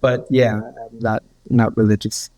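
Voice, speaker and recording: A man's voice: little pitch movement, measured pace, darkish tone. A man, a healer and podcast guest, telling a story in casual talk with many fillers. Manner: rambling, many fillers, acts out others' quotes in a higher voice.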